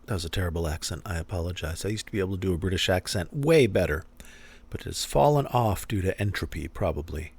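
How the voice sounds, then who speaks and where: Low-voiced, rambling podcast host. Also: male voice, expressive, quick pace, a little mellow, breathy edge. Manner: rambling, self-deprecating, swears casually. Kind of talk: casual solo podcast chat.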